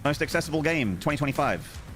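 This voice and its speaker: A man's voice: a little high, lively intonation, quick pace, music in the background. An Australian man streaming a game, chatting casually with viewers in a rambling, self-mocking way. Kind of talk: casual chat while gaming.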